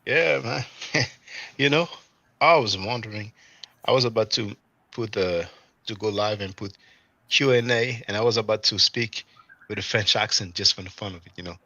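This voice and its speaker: Stream host, male, low-ish and bright, reads comments with a chuckle. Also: normal speed, pauses often, no echo, muffled recording. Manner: reads viewer comments aloud, chuckles often. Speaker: channel host. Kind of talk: casual live stream chat.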